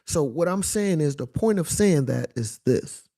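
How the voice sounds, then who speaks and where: In a mellow, high-side voice with an expressive delivery and measured pace, a young adult man offers a casual motivational talk, repeatedly asking "you feel me?" and saying "you know what I'm saying."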